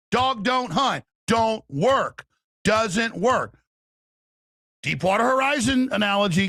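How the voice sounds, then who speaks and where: A man rants through political commentary in a high, gravelly voice, urgent and scoffing as he hammers each point. The sound is dry and close, with no room around it. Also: fairly bright tone, no echo. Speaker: talk show host.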